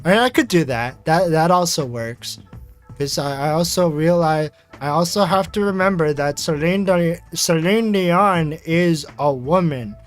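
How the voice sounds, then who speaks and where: A man's voice: on the high side, a little slow, faint music behind. An American man chatting casually on a livestream in a rambling, chatty way with frequent laughs. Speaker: vtuber streamer.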